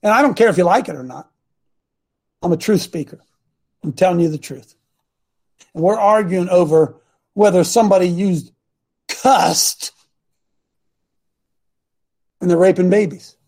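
High-voiced blunt preaching man. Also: measured pace, pauses often, a little mellow. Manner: blunt, combative, mocking, with asides to the congregation. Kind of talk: fiery informal preaching.

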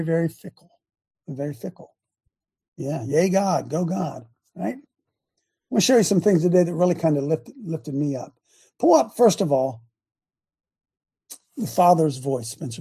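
A man's voice: a little high, creaky, warm tone, slightly rough. A man hosting an online faith show, preaching casually to a live audience. He talks straight to viewers with lots of repeated questions and often restarts his sentences.

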